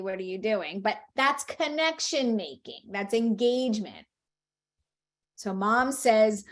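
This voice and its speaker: A woman explaining a book-reading method to parents in a patient, instructional way, acting out short read-aloud examples. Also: on the high side. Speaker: speech-language educator.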